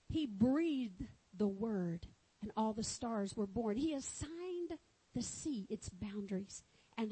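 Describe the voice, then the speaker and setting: A woman's voice: on the high side, dark tone, breathy edge, low-quality recording. A woman with a Texan accent preaching a fervent sermon, exclaiming and reading scripture aloud. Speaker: pastor.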